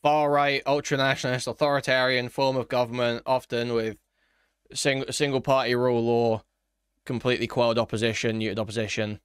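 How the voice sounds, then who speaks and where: A man's voice: mid-range voice, flat delivery, fairly quick, clear, resonant tone, no echo, studio quality. A man doing mocking reaction commentary, sarcastic and incredulous. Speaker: commentary streamer.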